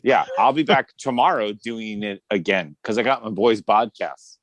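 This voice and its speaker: A man in his thirties co-hosting a casual podcast, an animated storyteller who acts out quotes and swears freely. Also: lowish voice, moderate pace, dry recording. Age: 30s. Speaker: podcast co-host.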